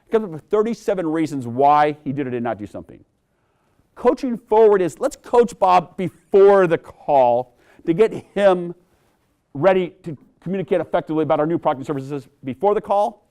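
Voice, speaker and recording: Middle-aged male speaker, slightly high voice, energetic sales-coaching keynote to a conference room. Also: normal speed. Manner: energetic, acts out dialogue with big pitch swings. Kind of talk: keynote talk to an audience.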